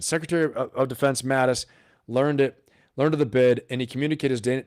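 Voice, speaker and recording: A man hosting a casual live stream, talking straight to his viewers, animated and full of rhetorical questions. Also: mid-range voice, no room sound, studio quality.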